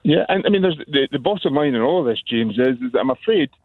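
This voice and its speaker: A man's voice: a little high, animated, fast talker, no room sound. A man with a Scottish accent calling into a radio phone-in, earnest and repeating words as he builds his points. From Scotland. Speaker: caller. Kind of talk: phone-in call. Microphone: telephone. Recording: tinny phone line.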